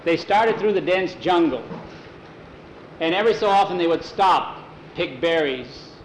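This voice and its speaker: A man telling an adventure story aloud in a relaxed, homespun way, sometimes correcting himself mid-sentence. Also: on the high side, unhurried. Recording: roomy, dull lo-fi, faint hiss.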